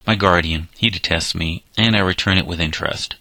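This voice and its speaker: A man's voice: sits low, brisk, bright, forceful tone, dry recording. A man reading as a defiant runaway boy of seventeen. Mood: sullen. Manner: bitter, resentful protests.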